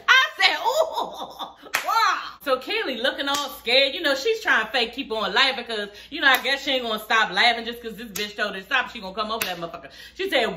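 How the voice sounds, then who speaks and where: A young woman recapping a reality show in a sassy, profane, animated way. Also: high voice, brisk, roomy sound, a little hiss or hum. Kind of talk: casual reaction recap.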